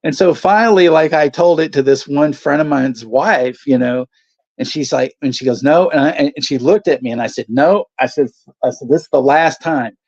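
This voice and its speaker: Man, gravelly and low-fi, loose rambling storyteller who swears a lot, casual stream chat. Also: brisk, a little mellow. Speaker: channel host. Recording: dull lo-fi stream audio.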